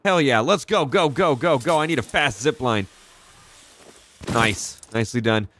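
A young man casually commenting as he plays a video game, excitable and profane, reacting out loud to the action. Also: mid-range voice, measured pace, slight background noise. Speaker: gaming channel host. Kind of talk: casual let's-play commentary.

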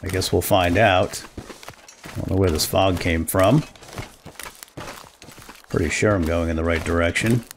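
Chatty low-voiced man playing a game. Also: slight background noise. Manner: chatty, easily excited, chuckles often. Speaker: let's play gamer. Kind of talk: casual gameplay commentary.

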